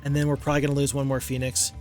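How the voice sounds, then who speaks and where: A man's voice: medium pitch, completely flat delivery, racing, a little mellow, faint music behind. A man giving casual gameplay commentary as a channel host, thinking aloud, counting under his breath and criticizing his own moves.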